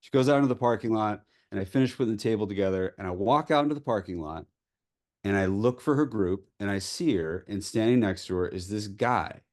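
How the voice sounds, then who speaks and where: Man, 40s, low voice, filmmaker at a Q&A, candid anecdotes, profane and animated. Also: a little fast. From US Pacific Northwest. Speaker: filmmaker guest at a Q&A. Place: post-screening Q&A.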